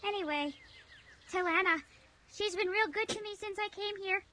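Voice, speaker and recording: A woman voicing a shy, lonely little girl in a fantasy game, halting and timid, heard as quiet distant game audio. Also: very high-pitched.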